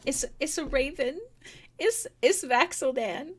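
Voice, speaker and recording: Chatty, encouraging woman streamer. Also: high-pitched. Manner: chatty, encouraging, quick to laugh, swears casually. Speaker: artist streamer. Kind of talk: casual chat while drawing on a livestream.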